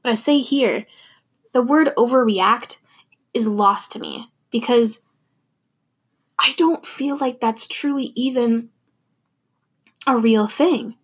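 Husky-voiced woman reflecting candidly. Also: fairly high pitch, slow pace, pauses often. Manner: candid, thoughtful, laughs now and then. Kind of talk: personal reflective monologue.

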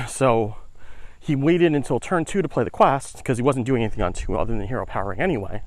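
A man's voice: medium pitch, lively intonation, brisk, darkish tone, no room sound. Slightly winded man talking while walking outdoors. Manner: rambling, many "like" fillers and "right?" tags. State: slightly out of breath. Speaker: podcast host. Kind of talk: casual explanatory podcast talk. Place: outdoors, walking uphill through a neighborhood.

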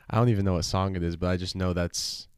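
A man's voice: low-pitched, fairly even intonation, fairly quick, a little mellow, clear, resonant tone, no room sound. A young man and student athlete, a podcast guest in a studio, easygoing with brief replies. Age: young adult. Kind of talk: casual podcast chat.

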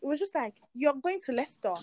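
A young woman from Nigeria, a guest in a casual interview, telling her story with lively quoted voices and earnest faith talk. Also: high voice, quick pace, a crowd in the background. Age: young adult.

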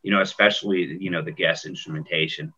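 Deep, raspy-voiced man on a lo-fi line. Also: steady tone, fast, bright, forceful tone. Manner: joking, laid-back, rambling. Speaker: guest narrator on the album. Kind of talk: casual interview chat.

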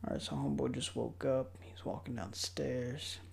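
A young man giving casual, profane commentary while watching a movie, mocking it and breaking into loud outbursts. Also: medium pitch, fairly even intonation, moderate pace, creaky, husky.

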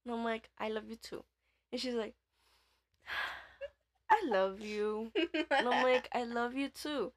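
A woman's voice: on the high side, steady tone, a little fast. A young woman co-hosting a casual chat, telling family stories with lots of giggling and acted-out quotes. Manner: giggly storyteller, quoting family in voices, lots of "like". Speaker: podcast co-host.

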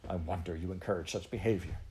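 A man's voice: low voice, steady tone, fast, a little mellow, close to an everyday voice. A man reading aloud and voicing a pompous, stern, stout woman stallholder in a storybook. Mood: indignant. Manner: stern, haughty, scolding.

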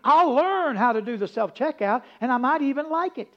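A man preaching a folksy, humorous sermon, rambling into stories and dropping from loud emphasis to hushed asides. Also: very high-pitched, expressive, a little fast. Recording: dull lo-fi recording.

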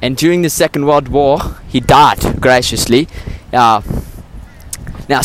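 A man hosting a comedy podcast in a mock South African accent, telling absurd stories in a meandering, deadpan way, full of hesitations. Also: fairly high pitch, moderate pace, slight background noise. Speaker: podcast host. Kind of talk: rambling comedic podcast monologue.

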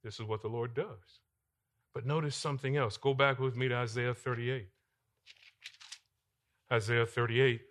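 A male pastor preaching a sermon in a church, swinging between loud emphatic lines and quiet asides. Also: mid-range voice, steady tone, moderate pace, long pauses. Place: church sanctuary.

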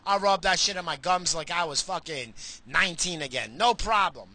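A middle-aged man from the United States ranting casually and profanely to his viewers while driving, animated, cursing and mocking himself. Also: sits high, moderate pace, rough recording. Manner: animated, swearing, self-mocking. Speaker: vlogger.

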